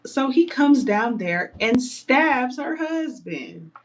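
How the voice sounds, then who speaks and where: A young woman casually retelling a story on a livestream, chatty and animated, with playful outrage, painting her nails as she talks. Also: high voice, takes it slowly, noisy background.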